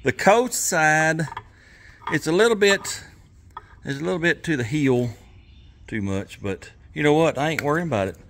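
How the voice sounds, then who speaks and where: A man's voice: a little high, animated, moderate pace, long pauses, a bit bright, slight background noise. A man hosting a casual garage vlog, rambling in a folksy, self-deprecating way and a little out of breath. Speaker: garage channel host. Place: home garage.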